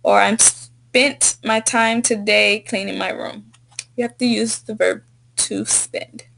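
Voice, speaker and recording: Slow, patient, gravelly woman tutor. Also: medium pitch, fairly even intonation, fairly bright tone, slight background noise. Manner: slow, patient, repeats and models corrected sentences. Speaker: English tutor. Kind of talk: screen-recorded correction feedback. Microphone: computer mic on a screen recording.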